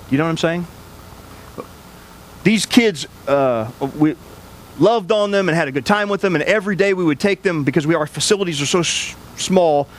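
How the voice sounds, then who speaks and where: Guy pastor telling a story in his sermon, kinda high voice, restarts a lot, bit of hiss behind. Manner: earnest, conversational, restarts words.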